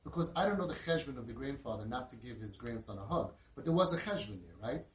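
A middle-aged man, telling an inspirational story in an animated way and sprinkling in Yiddish and Hebrew words. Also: medium pitch, fast. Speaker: inspirational speaker. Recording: roomy, distant mic with faint noise.

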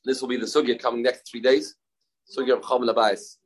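A man's voice: medium pitch, level tone, fairly quick, breathy edge, poor audio. A man with a Yeshivish accent teaching a daily Talmud lesson, repeating key phrases and asking and answering his own questions. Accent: Yeshivish English.

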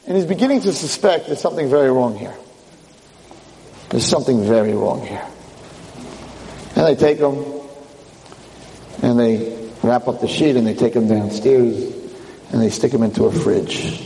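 A man's voice: medium pitch, animated, moderate pace, pauses often, mellow, reverberant, big-room sound, poor audio. A man giving a religious lecture, telling a story vividly and dramatically to a room of listeners.

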